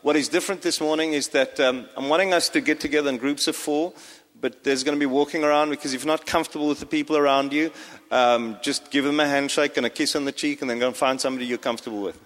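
A man's voice: on the high side, fairly even intonation, quick pace, a bit bright. A pastor giving a sermon to his congregation, talking with frequent fillers and restarts. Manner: hesitant, many fillers and restarts. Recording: long hall reverb.

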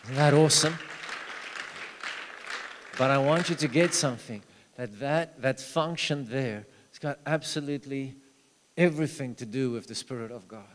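A man preaching a sermon, telling stories, with loud urging that drops to low, hushed asides. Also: moderate pace, a faint crowd, slight background noise. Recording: long hall reverb.

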